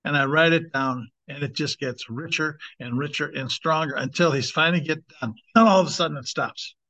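This evangelist's sermon is casual and emphatic, his fairly high, sharp-toned voice stretching out important words with slow, deliberate stress. The recording is dull and lo-fi.

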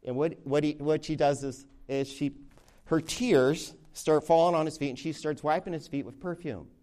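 A Bible study leader gives sermon-style teaching from the Psalms in a slightly high voice. He's lively and conversational, restarting sentences, putting rising emphasis on key words, and slowing down when he reads scripture.

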